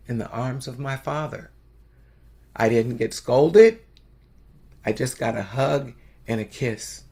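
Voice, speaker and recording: An older woman telling a story as a sermon, slow and unhurried with long pauses. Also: very deep voice, creaky, slightly rough. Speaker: spiritual speaker.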